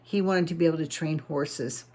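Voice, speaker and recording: Woman storyteller, lower voice, folksy children's-story telling with natural restarts. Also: fairly even intonation, moderate pace, dark tone.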